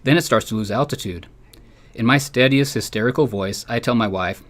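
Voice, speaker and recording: A man, a sports writer, reading a humorous newspaper column aloud with wry, deadpan delivery. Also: medium pitch, fairly quick.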